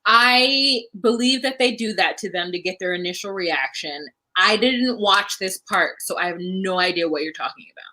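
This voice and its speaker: A woman's voice: medium pitch, moderate pace, few pauses, bright, forceful tone, low-quality recording. A woman co-hosting a casual chat, giving short, dry replies. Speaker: co-host.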